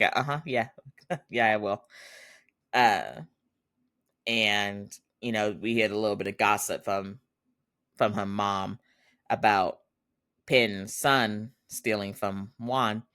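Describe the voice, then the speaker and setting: A man's voice: fairly low pitch, sharp tone, clean tone, no echo, studio quality. A man hosting a podcast, casually recapping a drama episode, laughing often and acting out the characters' lines. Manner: chatty, laughs often, acts out quotes. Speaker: podcast host.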